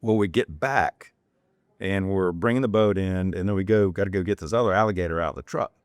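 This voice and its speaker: A man's voice: low voice, a little fast, no room sound, studio quality. A man from North Carolina, a podcast guest, telling casual, digressive anecdotes full of restarts. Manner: acts out quoted people in a raised voice. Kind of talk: casual storytelling.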